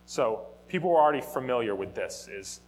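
A man teaching a Bible lesson in a conversational, animated way, often restarting and correcting himself. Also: mid-range voice, a little fast, slight background noise, poor audio. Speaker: teacher of a Bible study or sermon. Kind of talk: informal teaching talk.

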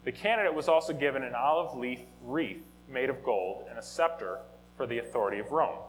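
A man teaching a Bible lesson in a conversational, animated way, often restarting and correcting himself. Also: mid-range voice, a little fast, soft background music, rough recording. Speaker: teacher of a Bible study or sermon. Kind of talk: informal teaching talk.

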